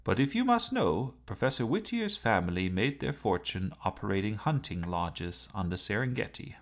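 A man's voice: lowish voice, sing-song, moderate pace. A man voicing a haughty, witty male talking sports car with a dry, lecturing manner. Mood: wry.

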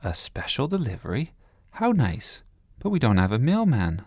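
A man's voice: mid-range voice, wildly swooping pitch, normal speed, darkish tone, breathy edge, no echo, clean studio sound, pitched above the performer's own voice, full character voice. A man doing a kindly older lady. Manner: polite, kindly, slightly prim. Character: gentle, genteel older woman neighbor. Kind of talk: storybook reading.

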